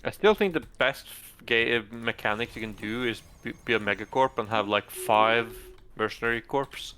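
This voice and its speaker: A man's voice: medium pitch, moderate pace, sharp tone, slight background noise. A man in voice chat explaining game strategy, thinking aloud with filler words. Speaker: player. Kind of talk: casual gaming chat.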